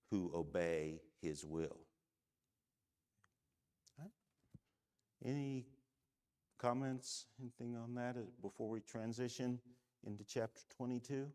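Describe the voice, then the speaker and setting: A middle-aged man from the United States teaching a church Bible class, measured and emphatic, often checking in with "okay?". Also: medium pitch, darkish tone, smooth.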